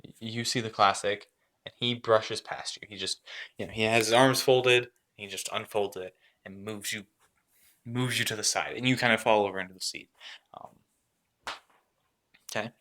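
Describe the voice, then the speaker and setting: A man runs a story game as its narrator, describing the scene to his players. His voice is on the low side, and he rambles with lots of fillers and restarts. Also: fairly even intonation, moderate pace, long pauses, sharp tone. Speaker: game master.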